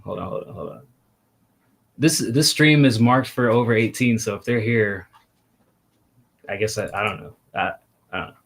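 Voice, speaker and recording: A man hosting a music review stream, chatting casually and teasing his guest while stalling with repeated pauses. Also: lowish voice, vocal fry. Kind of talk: casual chat.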